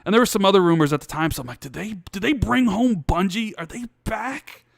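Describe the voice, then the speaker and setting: A man co-hosting a casual podcast, his voice a touch higher than most men's. He spins a story with energy, acting out both sides of a conversation and tripping over restarts. The sound is close and dry, with no room around it. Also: fairly quick, gravelly, no room sound. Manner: animated storytelling, acts out quoted dialogue; many restarts and fillers. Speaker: podcast co-host. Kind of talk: casual chat.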